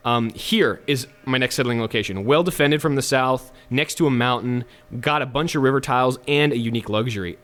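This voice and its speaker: A man's voice: medium pitch, brisk, few pauses, a bit bright. A man giving casual, chatty gameplay commentary as a let's play host, with jokes and self-mocking asides.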